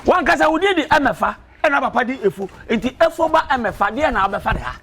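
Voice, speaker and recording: A high, gravelly, lecturing talker. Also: male voice, lively intonation, fairly quick, a bit bright, a little hiss or hum, heavily acted. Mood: insistent. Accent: Ghanaian. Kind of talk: film drama dialogue.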